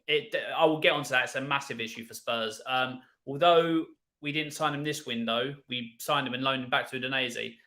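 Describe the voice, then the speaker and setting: A man with a bright, forward voice talks through his club's signings on a casual football stream. He is frank and opinionated, stumbling over repeated words as he builds each point. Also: mid-range voice, fairly quick. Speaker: panel guest, Spurs fan.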